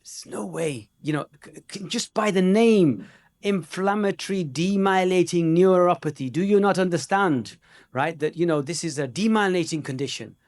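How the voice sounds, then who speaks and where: A man's voice: high voice, moderate pace, voice pushed up. A man voicing a dogmatic, insistent German male neurologist in a put-on German accent. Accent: German, put on badly. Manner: insistent, lecturing.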